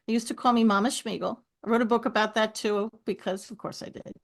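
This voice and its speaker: A middle-aged woman, a podcast guest, telling stories with lively asides. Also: fairly high pitch, quick pace, vocal fry. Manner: animated storyteller, lively asides. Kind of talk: podcast conversation.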